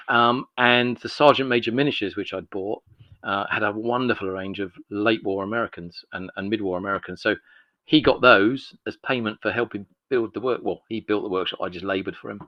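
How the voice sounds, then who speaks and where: A fairly low-voiced Londoner in his sixties, with a North London accent, shares long, rambling anecdotes as a podcast guest, playing out the dialogue in a chatty style. He owns a miniatures business, and the recording is dry and lo-fi.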